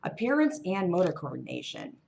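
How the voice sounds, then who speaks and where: A woman's voice: on the low side, very animated, brisk, vocal fry, darkish tone, a little hiss or hum. A woman reading tarot cards alone on her channel, musing in a wandering, offhand way. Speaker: tarot reader. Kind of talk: casual tarot reading monologue.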